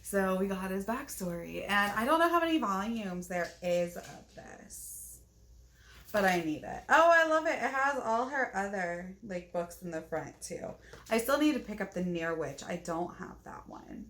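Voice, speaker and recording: A woman's voice: mid-range voice, animated, moderate pace, fairly bright tone. A woman chatting casually in a reading vlog, gushing about books and peppering her talk with "like.". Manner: chatty and gushing, fills speech with "like"; yawning, talking at bedtime. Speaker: book vlogger.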